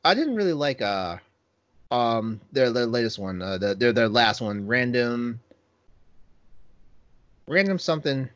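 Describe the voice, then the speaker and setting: A man's voice: medium pitch, sing-song, unhurried, pauses often, a bit bright, no room sound, highs cut off. A man chatting casually, hesitant and full of restarts, laughing easily. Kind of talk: casual podcast chat.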